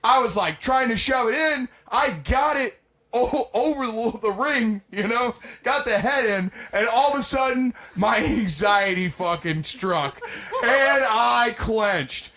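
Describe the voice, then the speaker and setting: A young man co-hosting a podcast, telling crude comedic stories in a loud, profane, animated way that breaks into shouting. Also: very high voice, slow. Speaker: podcast co-host.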